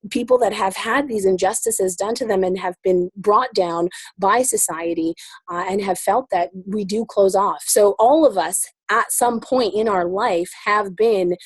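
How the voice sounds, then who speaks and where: A woman's voice: medium pitch, a little slow, husky, no echo. A woman leading a group discussion, speaking earnestly and searching for her words as she reflects.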